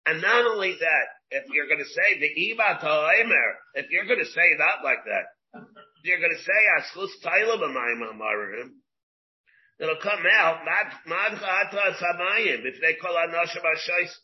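A man, a rabbi, teaching a Talmud class, explaining slowly in English dotted with Hebrew and Aramaic terms, with many restarts. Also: a little high, animated. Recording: dull lo-fi class recording.

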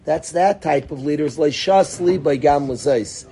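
Higher-voiced rabbi teaching Torah. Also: male voice, normal speed, warm tone. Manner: thinks aloud, plays out questions and answers; sprinkles Hebrew and Yiddish terms. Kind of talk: Torah lesson.

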